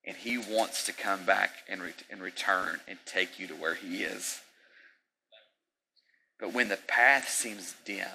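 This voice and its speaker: A man's voice: low-pitched, gravelly, sharp tone, a little hiss or hum, low-quality recording. A male pastor preaching a sermon in an emphatic, repetitive style with conversational asides.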